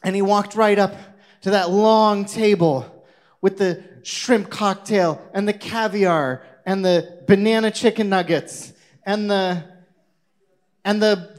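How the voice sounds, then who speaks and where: A man with a fairly high voice tells a children's sermon story. He is animated and expressive and keeps turning to his young listeners with questions. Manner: animated, asks the audience questions.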